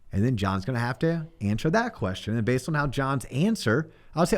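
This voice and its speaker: A man's voice: mid-range voice, lively intonation, a little fast, few pauses. A middle-aged man hosting a podcast, chatting casually and acting out sample phone calls as he coaches small talk. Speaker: podcast host, mortgage coach. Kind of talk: casual chat.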